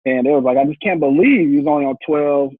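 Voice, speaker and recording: A man's voice: fairly high pitch, fast talker, husky, no room sound. A man hosting a podcast, asking questions in a conversational way and laughing often. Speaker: podcast host. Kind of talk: casual interview. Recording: tinny phone-like line, dry.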